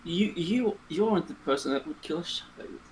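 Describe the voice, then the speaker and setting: A man's voice: a little high, expressive, moderate pace, slight background noise, lightly acted, poor audio. A man playing a nervous, stammering young rogue. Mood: hesitant. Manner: hesitant, stammering, repeats words. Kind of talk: voicing a character in a tabletop game.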